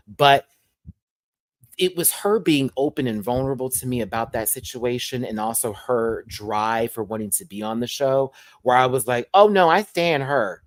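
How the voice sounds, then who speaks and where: This show reviewer and host speaks at a medium pitch, captured in a dry recording. Sitting at home with a pet in his lap, he delivers a sassy, slang-filled, casual rant reviewing reality TV.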